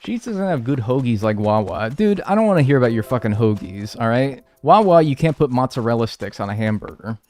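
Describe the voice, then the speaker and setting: A man's voice: medium pitch, expressive, fairly quick, hardly any pauses, a little mellow. A man in his twenties chatting casually and profanely with his viewers while playing a game, rambling and trailing off into mumbles. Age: 20s. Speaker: streamer. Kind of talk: casual chat while gaming and reading chat.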